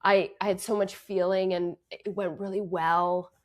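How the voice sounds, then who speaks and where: A woman's voice: mid-range voice, flat delivery, unhurried. A young woman with a Canadian accent, an actress and dancer, talking earnestly and reflectively as an interview guest. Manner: reflective, earnest, many fillers. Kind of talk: conversational interview.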